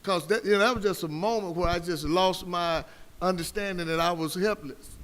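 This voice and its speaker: A man's voice: high voice, normal speed, a bit bright, big-room sound. A man on a live debate panel, telling a personal story with fervor and calling his listeners brother like a preacher.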